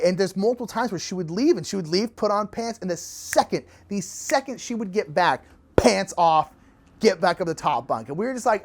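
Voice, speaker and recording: A man telling a funny travel story in a casual, animated way, laughing often. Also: normal speed. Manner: animated, laughing, big pitch swings. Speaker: storyteller, channel co-host.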